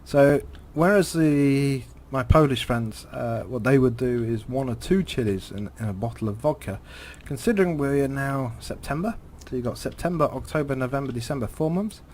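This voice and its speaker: Halting man telling stories. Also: mid-range voice, a little mellow, slight background noise. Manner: halting, many fillers and repeated words, chuckles. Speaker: game commentator. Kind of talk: rambling storytelling while playing a driving game.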